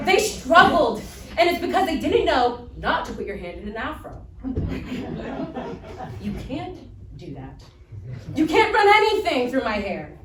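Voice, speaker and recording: A woman reading first-person stories aloud in a readers theater performance, animated and playful, heard from a distant mic on a roomy stage. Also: fairly high pitch, unhurried, some chatter behind, slight background noise.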